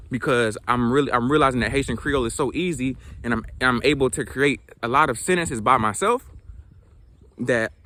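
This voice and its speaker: A young man from South Georgia talks straight to camera with a light Southern accent. His voice is bright and forward, and he speaks at a middling pitch. He is earnest and thoughtful, often pausing on "um" and restarting his phrases. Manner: earnest and reflective, many fillers and restarts. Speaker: language vlogger. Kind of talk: casual talking-to-camera vlog.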